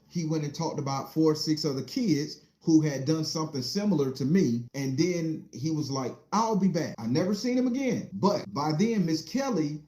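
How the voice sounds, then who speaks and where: A man's voice: fairly high pitch, warm tone, roomy sound. A man casually telling a childhood story in a rambling, profane, vivid way.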